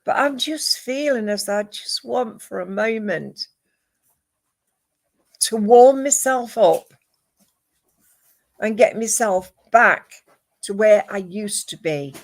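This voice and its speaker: A woman giving a live psychic reading, calm and measured, listing names and images one at a time. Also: mid-range voice. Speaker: psychic medium.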